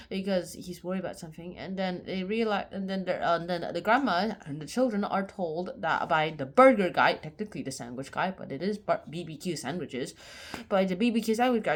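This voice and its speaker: A woman's voice: on the low side, lively intonation, a little fast. A woman casually retelling a short story in her own words, rambling and often correcting herself mid-sentence. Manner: rambling, self-correcting, chatty.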